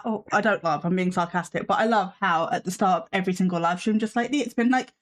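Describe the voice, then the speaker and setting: A woman's voice: mid-range voice, quick pace, few pauses. A woman hosting a casual live stream from her desk at home, chatting with viewers and her cat with a sarcastic, self-mocking humor.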